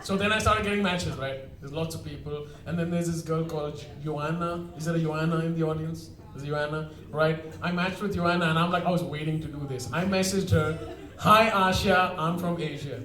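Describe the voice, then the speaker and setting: A man's voice: fairly high pitch, steady tone, fairly quick, few pauses, a bit bright. A man from India performing a stand-up set, telling self-mocking stories to a live crowd. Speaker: stand-up comedian. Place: comedy show venue. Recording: echoey room, far mic, crowd audible.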